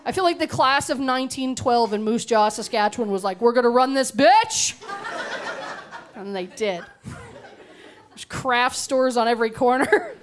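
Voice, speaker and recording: A young woman with a fairly high voice works a comedy club crowd through a handheld mic at a moderate pace. Her set is bawdy and sarcastic, delivered as animated storytelling.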